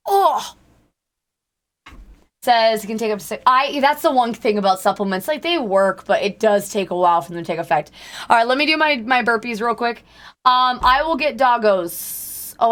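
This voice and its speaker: A woman's voice: medium pitch, fairly bright tone. A young woman streamer with a sick, strained voice, chatting in a rambling way and greeting her viewers by name. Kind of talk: casual live-stream chat with viewers.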